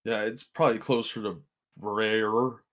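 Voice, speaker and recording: A man co-hosting a casual stream chat, explaining his views in a steady, opinionated way. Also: fairly low pitch, a little slow.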